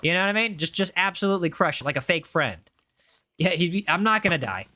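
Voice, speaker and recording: A man's voice: high voice, animated, fast, bright, forceful tone, dry recording. A young man streaming a game and chatting with viewers, teasing and joking, often repeating lines for comic effect. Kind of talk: casual live-stream chat while gaming.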